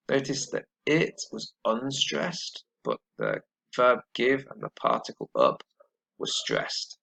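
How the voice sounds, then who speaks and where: A man's voice: medium pitch, huge pitch swings, gravelly, bright, forceful tone, low-quality recording. A man teaching an English grammar lesson, explaining patiently and checking in with "right?" after most points. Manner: explains slowly, often adds "right?" and "all right?".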